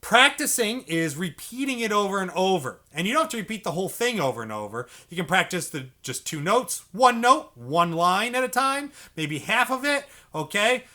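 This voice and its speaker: A man's voice: sits high, sing-song, moderate pace, hardly any pauses, bright, forceful tone. A man teaching beginner saxophone, explaining each step patiently and repeating key points. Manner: patient, repetitive step-by-step coaching.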